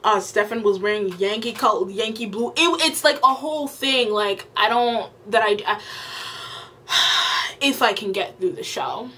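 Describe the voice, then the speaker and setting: A woman's voice: mid-range voice, measured pace, pushed and bright, a little hiss or hum. A woman video creator delivering an exasperated, emphatic rant in a casual commentary vlog, often repeating herself for effect.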